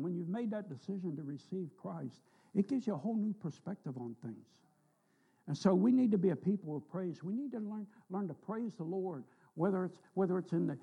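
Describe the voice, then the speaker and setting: A male pastor delivers a folksy sermon in a church, his voice gravelly with a husky edge. The recording is dull and lo-fi, and it sounds like a church service. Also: high voice. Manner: folksy storytelling preacher, rising emphatic on scripture. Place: church sanctuary.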